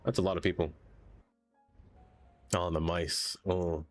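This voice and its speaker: A man's voice: low-pitched, little pitch movement, unhurried, pauses often, soft background music. A man streaming a city-building game, rambling casually to his viewers and getting sidetracked by chat. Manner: rambling, chatty, easily sidetracked.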